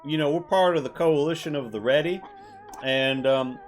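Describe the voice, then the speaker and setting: A man's voice: on the high side, normal speed, faint music behind, natural voice. A man voicing a folksy, rural male soldier with a hick accent in a tabletop game, drawling and full of uhs. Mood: official. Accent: generic rural American hick. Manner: drawling, hesitant with many uhs. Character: folksy rural male soldier, self-styled sovereign patriot. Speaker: game master.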